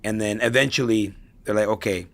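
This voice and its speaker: A middle-aged man with a gravelly, fry-laden voice of middling pitch tells stories as a podcast guest. He talks in a reflective, motivational way, circling back over his phrases and checking in with a "right?" now and then. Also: normal speed, fairly bright tone. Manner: storytelling, repeats himself, tags lines with "right?". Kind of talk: conversational podcast interview.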